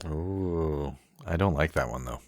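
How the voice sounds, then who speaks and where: A low-voiced man chats wryly on a podcast, chuckling as he reads card text aloud. The recording is dry and close, with no room sound. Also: unhurried, dry recording. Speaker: podcast co-host. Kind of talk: casual chat reviewing game cards.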